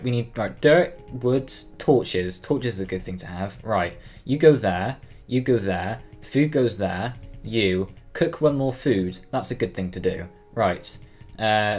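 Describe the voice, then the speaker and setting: A teenage boy from Cornwall giving casual, flustered gameplay commentary, swearing often and yelping when scared. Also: mid-range voice. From Cornwall, England. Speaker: gaming channel host.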